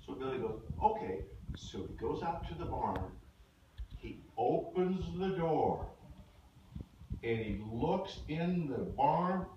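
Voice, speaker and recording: A man's voice: mid-range voice, very animated, takes it slowly, warm tone, muffled recording. A man telling a story to a group of young children, putting on family voices and asking them questions, in an echoey room, heard from a distance, with noise. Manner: plays family voices, asks the kids questions. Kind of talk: casual storytelling to kids.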